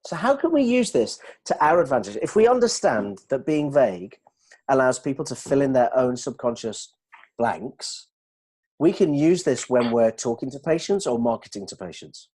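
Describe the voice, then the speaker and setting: Husky guy walking colleagues through examples, asks if it makes sense. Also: medium pitch, moderate pace. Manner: animated, explains with examples and checks understanding. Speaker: dental communication trainer. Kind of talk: explanatory discussion.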